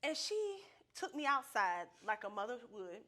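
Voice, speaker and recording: A young woman, a podcast guest, telling stories in a casual, animated way, full of swearing and laughter. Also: mid-range voice, moderate pace. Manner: profane, animated, laughing often. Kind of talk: casual storytelling. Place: podcast studio with a live audience.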